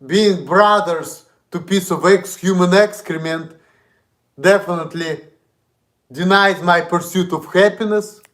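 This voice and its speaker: Russian accent guy on a stream, kinda high voice, angry repetitive ranting with lots of cursing. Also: measured pace, a bit bright. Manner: indignant, profane and repetitive. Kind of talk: ranting monologue.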